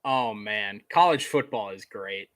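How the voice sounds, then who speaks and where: A young man giving casual live play-by-play commentary from home, excitable and chatty. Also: lowish voice, a little slow, no room sound. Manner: excitable, chatty, laughs and hums between plays.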